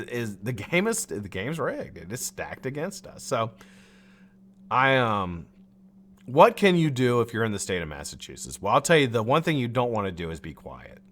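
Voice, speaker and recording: Animated ranting man, bright voice. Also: mid-range voice. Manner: frustrated, profane, rambling with restarts; laughs at his own jokes. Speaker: livestream host. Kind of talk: heated live-stream rant.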